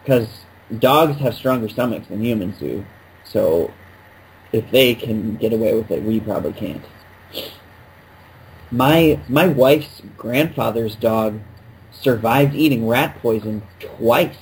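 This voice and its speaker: A man's voice: mid-range voice, animated, slow, slight background noise, rough recording. A man co-hosting a podcast, chatting casually in a jokey, rambling way. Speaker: podcast co-host. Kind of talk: casual chat.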